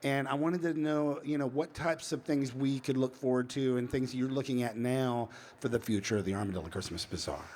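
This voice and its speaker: A man's voice: mid-range voice, a little fast, hardly any pauses, darkish tone, a little hiss or hum. A man interviewing a guest, reacting with enthusiasm and asking friendly questions. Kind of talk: casual interview.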